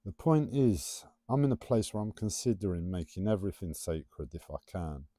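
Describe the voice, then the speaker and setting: A man's voice: low-pitched, sing-song, moderate pace, dark tone, dry recording, studio quality. A man livestreaming a casual, rambling spiritual monologue in a playful, teasing way.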